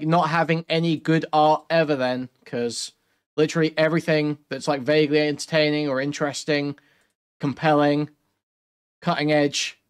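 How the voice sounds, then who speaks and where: A man hosting a commentary channel, making sarcastic, mocking remarks over a stream clip. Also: fairly high pitch. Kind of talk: casual commentary chat.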